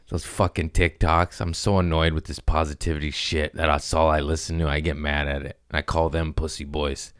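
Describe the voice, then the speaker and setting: Deep-voiced man rambling crude jokes. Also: level tone, normal speed, smooth. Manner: crude, rambling, laughs at his own jokes. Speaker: podcast host. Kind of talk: casual comedic monologue.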